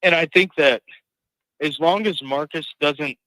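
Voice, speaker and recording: A man calling in to a sports talk show, giving his take haltingly with many pauses and ums. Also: a little high, bright, forceful tone, no room sound, poor audio. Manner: slow, hesitant, with many ums. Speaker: caller. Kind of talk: phone-in sports opinion.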